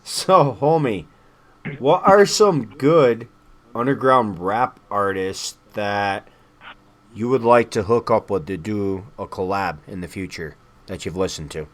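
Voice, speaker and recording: A man's voice: lowish voice, slow pace, a bit bright. A man hosting a casual online radio interview, laid-back and joking. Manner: laid-back, laughs and jokes. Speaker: radio show host.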